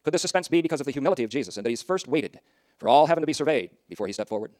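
Man preaching, very rapid delivery, dramatic swings from loud to hushed, dry close sound. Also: medium pitch, lively intonation, no echo. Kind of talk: sermon.

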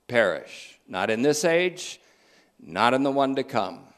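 Male pastor, mid-pitched, slow and emphatic sermon delivery with casual digressions. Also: big pitch swings, fairly bright tone. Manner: slow, emphatic preaching with asides and joking digressions.

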